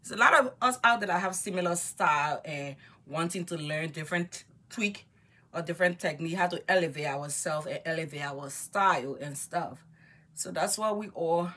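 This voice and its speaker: A woman vlogger chatting excitedly while doing her makeup, talking casually and repeating herself often. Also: lowish voice, normal speed, husky. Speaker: beauty vlogger. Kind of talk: casual get-ready-with-me chat.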